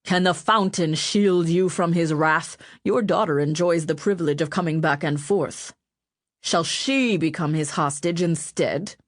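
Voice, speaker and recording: Audiobook reader voicing a furious male spymaster, snarling, unhurried menace. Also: lowish voice, dry recording, clean studio sound, close to an everyday voice. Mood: menacing. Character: scheming male royal spymaster, furious and bullying.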